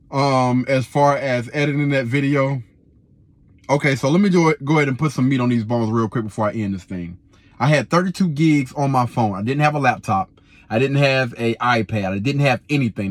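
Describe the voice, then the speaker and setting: Young male videographer, slangy animated storyteller, higher voice, dry sound. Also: no room sound. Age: 20s. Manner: animated, slangy, repeats himself. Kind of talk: casual storytelling.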